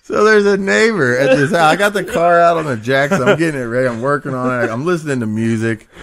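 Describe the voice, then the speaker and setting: A man's voice: on the high side, lively intonation, quick pace, heavy background noise. A man hosting a podcast, telling a crude story in casual chat, rambling and swearing and laughing along the way. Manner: rambling, profane, laughs through his stories. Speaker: podcast host.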